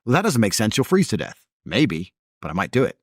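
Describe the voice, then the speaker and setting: A man's voice: lowish voice, huge pitch swings, a little fast, no echo, clean studio sound. A man talking as a podcast guest in a blunt, emphatic, mocking way. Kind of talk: podcast conversation.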